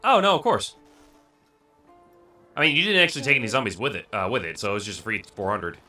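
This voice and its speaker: A young man streaming a zombie shooter with friends, chatting casually, laughing and quick to agree. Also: fairly low pitch, expressive, sharp tone, soft background music. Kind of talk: casual gaming chat.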